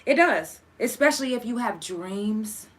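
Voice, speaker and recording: A woman's voice: a little high, a little slow. A young woman hosting a casual solo podcast, cursing freely and talking straight to her listeners. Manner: profane, animated, talks to listeners directly. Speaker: podcast host.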